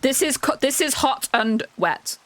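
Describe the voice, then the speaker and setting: A woman's voice: high voice, expressive, unhurried, a bit bright. A woman streamer in casual chat, making playful, jokey guesses.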